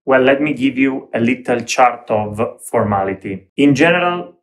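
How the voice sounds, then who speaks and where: Young adult man, English; lively, emphatic menswear explainer in short phrases. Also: mid-range voice, normal speed, few pauses. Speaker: menswear video host. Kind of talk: explanatory talk to camera.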